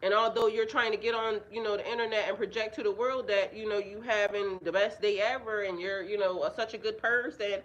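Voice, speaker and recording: A woman speaks briskly with few pauses in a mid-range voice with fairly even intonation, and the sound is lo-fi. A spiritual reader and life coach, she's doing a casual astrology reading outdoors in a yard near birds, blunt and heavily profane, often laughing.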